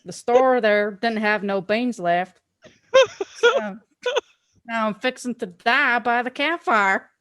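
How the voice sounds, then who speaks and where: A woman's voice: fairly high pitch, slow, fairly bright tone, dry recording, clean studio sound. A woman voicing a dim, rambling rustic cowboy man with a lazy drawl. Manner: rambling, self-pitying asides.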